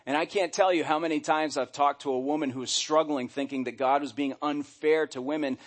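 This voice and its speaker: A middle-aged man delivers a sermon from the pulpit with an animated, storytelling manner, now and then slipping into the voices of the people he quotes. His voice sits a little higher than most men's. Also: fairly quick. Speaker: pastor.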